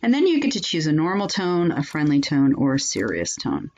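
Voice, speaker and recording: Woman tutorial host, low voice, chatty and loose, muffled lo-fi sound. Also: huge pitch swings, brisk, a little mellow. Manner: chatty, many ums and restarts. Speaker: software reviewer and channel host. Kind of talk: casual screen-recording walkthrough.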